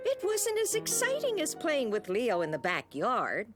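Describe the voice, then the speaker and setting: A woman narrating a children's cartoon in a gentle, expressive storybook manner. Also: fairly high pitch, moderate pace. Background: children's music.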